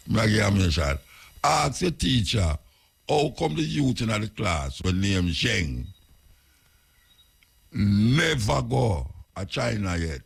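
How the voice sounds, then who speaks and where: A man's voice: lowish voice, gravelly, breathy edge. A radio host with a Jamaican accent, delivering a talk monologue and questioning and urging his listeners.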